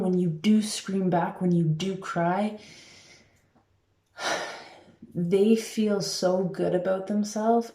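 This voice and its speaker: A woman's voice: lowish voice, mellow. A woman life coach giving emphatic advice to camera in a casual way, with many filler words. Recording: roomy echo.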